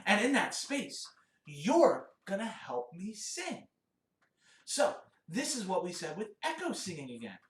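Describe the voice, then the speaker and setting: Male children's music teacher, upbeat and encouraging, animated delivery, recorded off-mic in a reverberant room. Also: sits high, measured pace, recorded from a distance. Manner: upbeat, encouraging, speaks to kids. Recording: roomy, off-mic, guitar behind.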